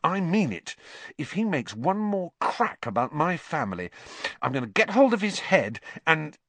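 A man's voice: a little high, very animated, moderate pace, a bit bright, pitched above the performer's own voice. A man voicing a hot-headed teenage boy who talks bluntly and impulsively, in a storybook reading. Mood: angry.

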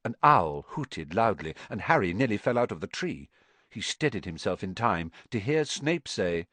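A man reading a story aloud as an audiobook narrator, with expressive storytelling. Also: fairly low pitch, moderate pace, no echo. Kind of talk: scripted narration.

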